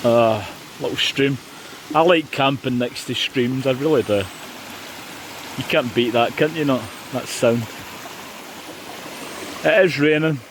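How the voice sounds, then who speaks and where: A man's voice: medium pitch, measured pace, pauses often, slight background noise. A middle-aged Scottish man chatting casually on a camping vlog inside a hot tent, jokey with playful outbursts. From Scotland. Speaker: vlogger.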